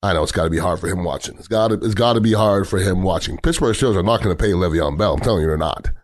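A man's voice: low-pitched, racing. Blunt, profane man ranting about football. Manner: blunt and profane, heated, repeats himself. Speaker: sports talk commentator. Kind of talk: opinionated football talk rant.

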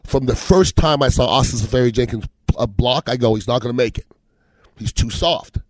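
A man's voice: mid-range voice, brisk, no echo. A middle-aged man, a former football player, telling casual stories about games and players, acting out the dialogue. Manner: animated storyteller, acts out quoted dialogue. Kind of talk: casual storytelling on sports.

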